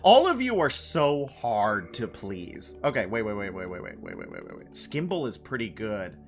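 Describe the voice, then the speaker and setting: A man's voice: lowish voice, huge pitch swings, moderate pace, gravelly, soft background music. A man live-streaming a game, chatting playfully with his chat, laughing and repeating phrases. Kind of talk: casual live-stream chat while gaming.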